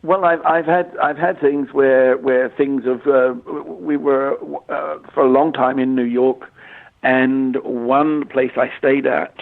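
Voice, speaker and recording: An English man in his sixties, a medium, answering interview questions in a halting way, often repeating words and using fillers. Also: medium pitch, fairly even intonation, gravelly. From England. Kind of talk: conversational interview. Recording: tinny phone-line audio.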